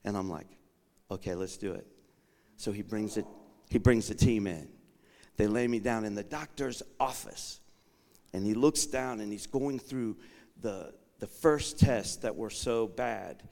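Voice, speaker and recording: A man preaching a sermon as a guest bishop, telling a personal story with acted-out dialogue that swings from quiet asides to shouted proclamation. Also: fairly low pitch, unhurried, creaky. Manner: dramatic storytelling, acting out dialogue. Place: church sanctuary. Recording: long reverb of a large sanctuary.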